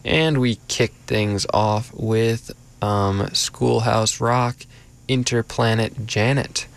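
A young man with a fairly low voice hosts a college radio show. He talks in an easygoing, rambling way, full of ums and likes, as he introduces the next song. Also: steady tone, slow pace, creaky. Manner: easygoing, rambling, filler-heavy. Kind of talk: casual radio chat.

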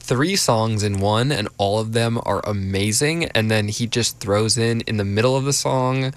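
A young man with a fairly low voice hosts a college radio show. He talks in an easygoing, rambling way, full of ums and likes, as he introduces the next song. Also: moderate pace. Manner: easygoing, rambling, filler-heavy. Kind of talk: casual radio chat.

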